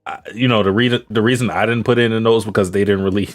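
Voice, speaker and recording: A man's voice: on the low side, steady tone, fast, soft background music. A man co-hosting a podcast in casual chat, laid-back and hesitant, with many fillers. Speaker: podcast co-host.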